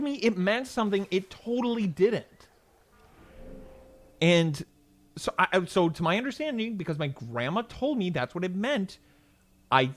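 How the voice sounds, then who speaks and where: A young man streaming a video game, telling stories in an animated, profane, casual way. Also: high-pitched, moderate pace, long pauses. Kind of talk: casual gameplay commentary.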